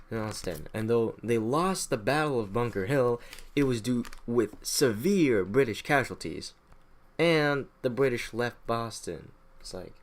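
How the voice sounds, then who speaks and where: A man's voice: medium pitch, slight background noise. Young man, casual history podcast, swearing, jokey, home mic. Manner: profane, irreverent, acts out historical figures in slangy voices. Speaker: podcast host. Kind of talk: casual comedic history recap.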